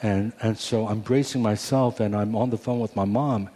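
Speaking low and mellow at a moderate pace with hardly any pauses, a man in his forties shares his own story during a sermon. He's a pastor, earnest in tone, and keeps starting his thoughts over.

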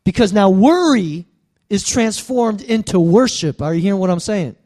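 A man's voice: high-pitched, expressive, normal speed, dark tone. A man in his thirties preaching a sermon, with call-and-response asides to the congregation. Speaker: pastor.

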